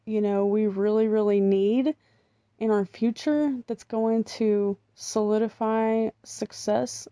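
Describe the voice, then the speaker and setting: A woman's voice: medium pitch, steady tone, slow pace, dark tone, no echo, clean studio sound. A middle-aged American woman talking casually in a vlog, rambling and chatty with lots of ums and little laughs. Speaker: vlogger. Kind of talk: casual chat.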